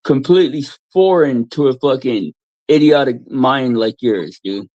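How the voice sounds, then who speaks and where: A man's voice: medium pitch, a little slow, darkish tone, no room sound. A man ranting at someone in a heated chat, swearing heavily and mocking him. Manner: profane, ranting, mocking with put-on voices. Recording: dry, dull lo-fi sound.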